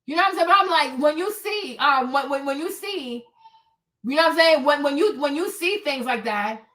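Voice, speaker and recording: A woman with a high, bright-toned voice rants. Her unscripted commentary is heated, profane and emphatic. She hammers her points home by repeating them. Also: animated, moderate pace. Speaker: livestream host.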